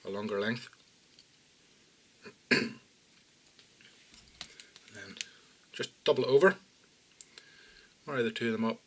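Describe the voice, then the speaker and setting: A man calmly talking through fly-tying steps as an instructor, often dropping low and quiet. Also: slow pace, long pauses. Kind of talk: step-by-step tutorial narration.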